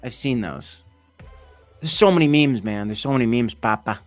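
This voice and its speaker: A man's voice: medium pitch, normal speed, soft background music. A man hosting a casual livestream, reading chat comments aloud in a loose, jokey, rambling way. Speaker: host of a crypto livestream.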